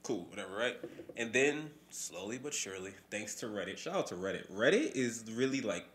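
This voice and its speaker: A man's voice: on the low side, fairly quick, a little hiss or hum. A man co-hosting a podcast in casual, profane chat. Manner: animated, profane, mimics voices when quoting people. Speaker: podcast co-host.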